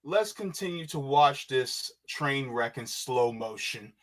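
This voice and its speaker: A man's voice: medium pitch, animated, slow. A man hosting a casual political livestream, exasperated and sarcastic, reading out viewer comments and reacting. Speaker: host of a political stream.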